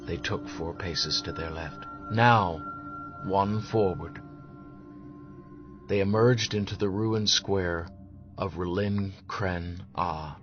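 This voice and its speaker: A man reading fantasy narration in a measured, steady way. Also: deep voice. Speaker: audiobook narrator. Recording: dull lo-fi audio with music behind.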